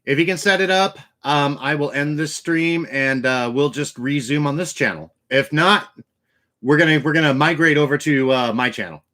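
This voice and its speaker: A man's voice: a little high, normal speed, pushed and bright. A man hosting a livestream in casual chat, loose and talkative with frequent restarts. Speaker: livestream host.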